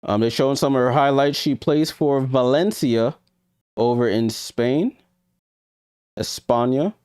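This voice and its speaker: A man's voice: medium pitch, a little slow, darkish tone, clean tone, dry recording, clean studio sound. A man with a New York accent hosting a live stream, giving casual reaction commentary, thinking aloud and talking to his viewers with hesitant ums. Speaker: livestream host.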